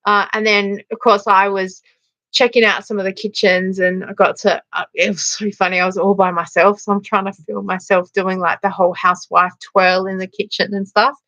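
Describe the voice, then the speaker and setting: A woman's voice: medium pitch, level tone, moderate pace, fairly bright tone, no room sound, muffled recording. Brief: middle-aged Australian woman, livestream host, chatty storyteller, dry close sound. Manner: chatty storyteller, laughs often, reads out viewer comments. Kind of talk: casual livestream chat.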